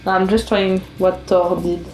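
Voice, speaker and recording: A woman's voice: mid-range voice, flat delivery, measured pace, darkish tone. A woman playing a tabletop game, thoughtful and hesitant, with non-native phrasing. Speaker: player. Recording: echoey room with faint music.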